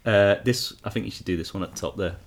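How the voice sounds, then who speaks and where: A man's voice: on the low side, fast. A man hosting a podcast in casual chat, easygoing as he sets up each segment. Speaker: podcast host.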